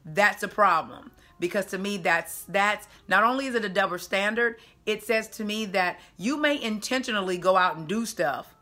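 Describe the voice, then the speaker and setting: A woman's voice: medium pitch, normal speed, few pauses, sharp tone. A woman dating coach giving casual video commentary in an emphatic, chatty way with punchy asides.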